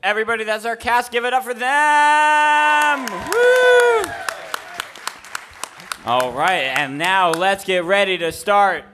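Host, high animated voice, slow hype calls, loud crowd and noise. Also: male voice. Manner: loud, drawn-out announcing. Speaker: show host. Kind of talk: hyping a live audience. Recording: live stage mic, loud crowd.

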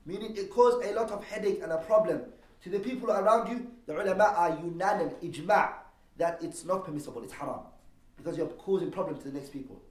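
A man teaching a lesson on Islamic law, explaining terms and posing rhetorical questions, quickly reading Arabic texts and then translating them. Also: sits high. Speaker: religious teacher. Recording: echoey room, voice from a distance.

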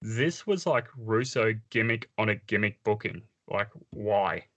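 A man's voice: on the low side, lively intonation, a little slow, fairly bright tone. A man co-hosting a casual podcast chat, dropping dry, wry quips. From Australia. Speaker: podcast co-host. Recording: slightly dull lo-fi audio.

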